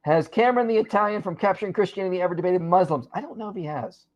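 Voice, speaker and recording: A man's voice: high voice, highs cut off. Man casually hosting a livestream. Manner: reads out viewer comments and answers them quickly. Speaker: host.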